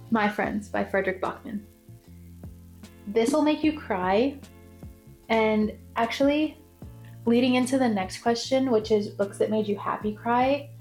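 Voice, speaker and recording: A woman's voice: on the high side, a little mellow. A young woman talking casually as a book vlogger, gushing and repeating herself with lots of fillers. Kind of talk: casual chat.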